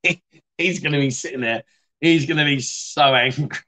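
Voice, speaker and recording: A man speaking at normal speed in a high-leaning, pushed and bright voice runs a casual livestream. Based in a Thai bar city, he chats, ribs his viewers and laughs while reading comments.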